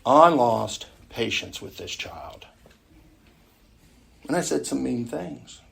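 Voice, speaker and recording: Husky middle-aged man teaching class. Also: mid-range voice, expressive, slow pace, a bit bright. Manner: conversational, keeps asking the class questions. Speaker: Sunday school teacher. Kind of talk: teaching an adult church class.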